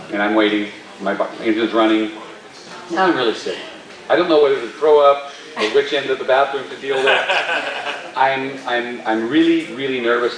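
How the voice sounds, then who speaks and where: A man, a stunt performer, telling a story at a live Q&A in an animated way and laughing often. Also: medium pitch. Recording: roomy hall, distant mic.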